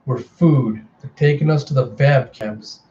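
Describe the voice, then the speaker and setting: Man reading as a gruff, fatalistic prisoner with a folksy drawl, mellow tone, faint fan hum. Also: mid-range voice, a little slow, dull audio, close to an everyday voice. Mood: grim. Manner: folksy, resigned.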